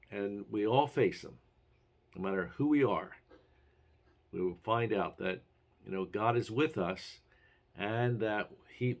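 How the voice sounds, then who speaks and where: A male preacher delivers a short devotional in an earnest, encouraging tone. His voice sits low and has a gravelly rasp. He now and then pauses on an "uh" as he talks. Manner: earnest, encouraging, with some hesitations. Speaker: pastor. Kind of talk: devotional radio message.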